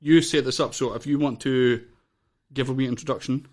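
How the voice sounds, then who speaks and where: A man's voice: mid-range voice, steady tone, brisk, a little mellow. A Scottish man hosting a podcast, chatty and friendly, with rambling phrasing. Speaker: podcast host. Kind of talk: casual chat.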